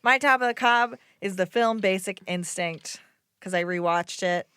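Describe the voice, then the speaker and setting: A woman's voice: medium pitch, moderate pace, pushed and bright, clean tone, no echo. A woman co-hosting a podcast, chatting casually and joking about everyday chores. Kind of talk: casual chat.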